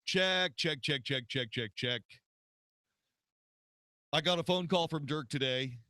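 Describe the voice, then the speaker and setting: A man's voice: fairly high pitch, slow, pushed and bright, no echo. A man, a radio host, recording promo spots in a studio, telling a story with theatrical delivery and retakes.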